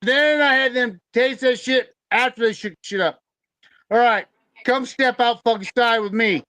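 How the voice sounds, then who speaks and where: A man's voice: very high voice, unhurried, bright, forceful tone, dry recording. Podcast co-host, male, heated storyteller, swears in every line, dry close sound. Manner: heated, swearing constantly, ranting. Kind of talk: profane casual storytelling.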